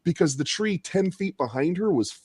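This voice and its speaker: A man's voice: high-pitched, normal speed, breathy edge, no echo. A man on a casual podcast who tells his stories with a lot of swing in his voice. He swears freely and gets worked up as he goes. His voice sounds dry and close, with no room around it. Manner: animated storyteller, swears freely. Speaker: podcast co-host.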